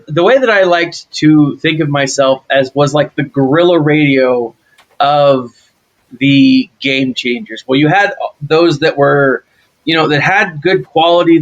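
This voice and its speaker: A man from Texas in casual chat as a podcast guest. He is easygoing and self-deprecating and hesitates with fillers, his voice sitting a little high. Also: a bit bright, muffled recording. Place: home basement.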